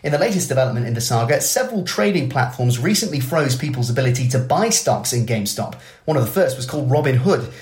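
A man's voice: medium pitch, fast talker, few pauses. A man, a reporter, doing a jokey scripted explainer sketch from a bathtub. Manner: jokey, lively explanatory delivery. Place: bathroom, in a bath. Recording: echoey bathroom.

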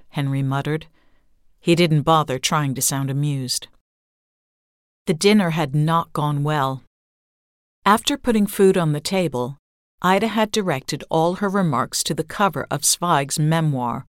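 Low, dry-voiced woman narrator for a measured long-form essay reading. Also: no echo. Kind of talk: scripted narration.

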